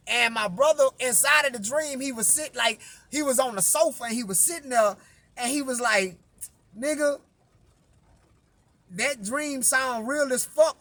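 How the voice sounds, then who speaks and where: A man with a strikingly high voice tells a story in a loose, casual monologue. He acts out the dialogue as he goes, swearing freely and keeping it animated. He sounds worn out from too little sleep. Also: dry recording. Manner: animated, profane retelling that acts out quoted dialogue. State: tired after little sleep. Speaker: music artist and vlogger.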